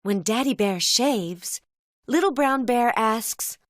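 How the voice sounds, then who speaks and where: Slow, gentle woman narrating a cartoon. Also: fairly high pitch, animated, no room sound, studio quality. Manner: gentle, slow storybook telling. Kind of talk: scripted narration for a children's cartoon.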